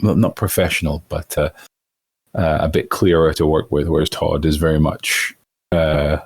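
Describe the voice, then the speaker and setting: Low husky-voiced male voice actor. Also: flat delivery, normal speed, no echo. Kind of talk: casual interview chat.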